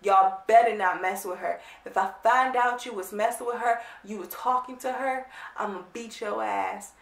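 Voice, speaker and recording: A man's voice: high voice, steady tone, normal speed, creaky, a bit bright, roomy sound. A woman voicing a brash, pushy young man who claims her as his girl, in a casual storytime. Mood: cocky.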